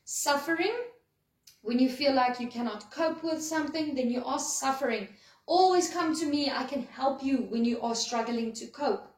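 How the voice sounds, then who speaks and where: A woman teacher, her voice high, talking her pupils through a lesson in a friendly, explaining way. The sound is roomy and echoey, with her voice set back from the mic. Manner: friendly, explains with acted-out examples. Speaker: schoolteacher. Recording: echoey room, voice a bit far from mic.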